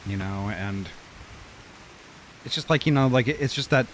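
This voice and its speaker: A man's voice: mid-range voice, normal speed, a little hiss or hum. A man streaming a game and chatting casually, rambling with many fillers and restarts. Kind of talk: casual chat while gaming.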